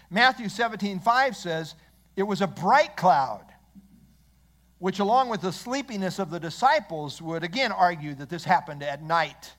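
A man preaching an expository sermon, measured and earnest, leaning on key phrases for emphasis. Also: high voice, fairly bright tone. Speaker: pastor.

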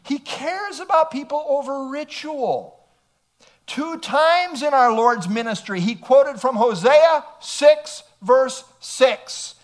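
A man's voice: extremely high pitch, slow pace. A male pastor preaching an emphatic sermon, reading scripture aloud and asking rhetorical questions.

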